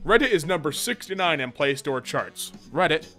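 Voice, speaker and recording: A man's voice: a little high, moderate pace, soft background music. A young man reading and joking about internet memes in comedic commentary, often slipping into silly voices. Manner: animated, jumps into silly voices for jokes.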